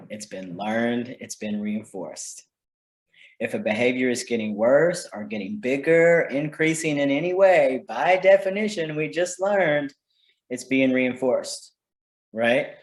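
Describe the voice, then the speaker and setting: A man of middle pitch leads a casual teaching talk for parents, tossing out "right?" to check that the room follows along. His voice carries a roomy echo from the space around him. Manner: conversational, keeps checking in with "right?". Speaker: parenting workshop presenter.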